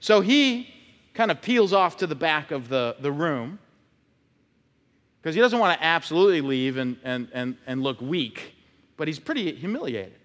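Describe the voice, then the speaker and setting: A man's voice: fairly high pitch, big pitch swings, normal speed, a bit bright. A male pastor preaching a conversational sermon, telling stories and acting out short quotes. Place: church sanctuary. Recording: long church reverb.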